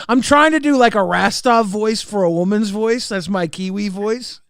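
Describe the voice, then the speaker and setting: A man's voice: sits high, normal speed, gravelly, fairly bright tone, clean tone, dry recording, clean studio sound. A man co-hosting a crude, jokey commentary stream, laughing often and slipping into silly put-on voices. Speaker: co-host.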